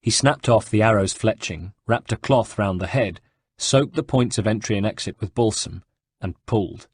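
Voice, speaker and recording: A man reading an audiobook in a measured, even storytelling manner. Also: on the low side, husky. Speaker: audiobook narrator. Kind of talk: scripted narration.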